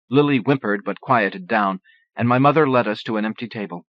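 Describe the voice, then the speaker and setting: A male audiobook narrator with a low voice reads in a steady, measured way. The sound is dry, with no room around it. Its muffled, lo-fi tone recalls old cassette audio. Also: no room sound.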